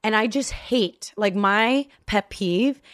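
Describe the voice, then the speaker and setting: A woman's voice: medium pitch, slow pace, dry recording, clean studio sound. A woman guest telling a story in a casual interview, acting out voices and swearing freely. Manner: animated, acts out quoted voices, swears freely.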